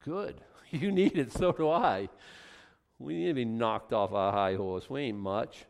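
A man preaching a sermon, reading scripture aloud and commenting on it, at times building to loud, emphatic passages. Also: mid-range voice, lively intonation, measured pace, vocal fry, big-room sound.

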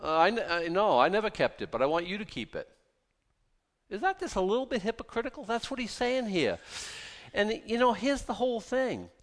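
A man delivers a sermon with zeal and passion, often dropping into sarcastic asides. His voice sits a little high and swoops with lively changes in pitch. The sound carries a long reverb, as in a church sanctuary. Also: a little fast. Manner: passionate, zealous, with mocking asides. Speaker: pastor.

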